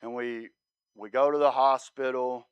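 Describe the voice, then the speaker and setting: A man giving his sermon testimony as a relaxed story, often checking in with "right?". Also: medium pitch, unhurried, clean tone, no room sound, highs cut off. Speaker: guest speaker sharing his testimony.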